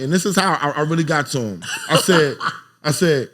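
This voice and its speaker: Guest: brash New York man, middle-aged, higher voice, tells profane stories and acts out quotes. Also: lively intonation, a little fast, very noisy. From South Jamaica, Queens, New York. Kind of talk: casual podcast chat.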